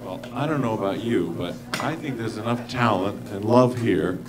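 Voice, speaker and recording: A man's voice: on the low side, normal speed. Effusive man presenting awards. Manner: effusive and exclamatory, with gasps and sighs. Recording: noisy live theater recording.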